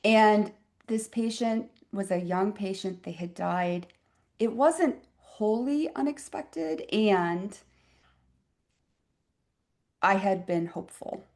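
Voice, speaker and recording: A woman's voice: medium pitch, slow, long pauses. Reflective woman physician in her fifties. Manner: reflective, expressive, with wry asides. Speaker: physician guest. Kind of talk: conversational interview storytelling.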